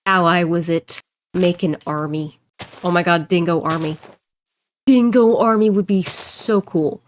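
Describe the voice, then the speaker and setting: A woman streamer and voice actor chatting casually while she plays, rambling and joking and quick to laugh. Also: on the low side, steady tone. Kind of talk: casual livestream chat while gaming.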